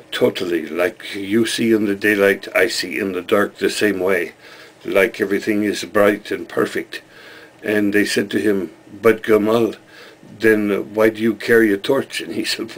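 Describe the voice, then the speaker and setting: A man talks to the camera in a rambling, jokey way and chuckles at his own lines. His voice sits on the low side. He also slips into an easy storytelling mode. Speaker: video blogger. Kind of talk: casual comedic vlog and storytelling.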